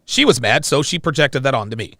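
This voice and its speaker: Animated, mocking male host. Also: mid-range voice, quick pace, vocal fry, no room sound, clean studio sound. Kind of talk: commentary on a played call-in clip.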